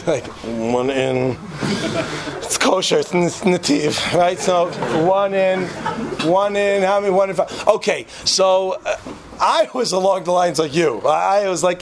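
A young man telling a joking personal story to a live audience in a room, animated, with restarts and asides. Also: high-pitched, measured pace, noisy background.

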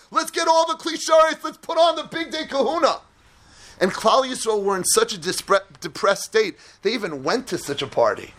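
A man giving a sermon-style Torah lecture as a rabbi, dramatic, swinging between hushed low tones and impassioned shouting.

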